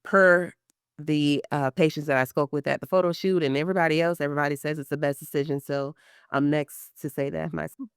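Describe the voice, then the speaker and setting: Speaking a little fast in a low, clean-toned voice, a pre-surgery patient in her thirties recounts a personal story as an interview guest. She is animated, acts out quotes, and uses many fillers. The studio sound is clean, with no room noise.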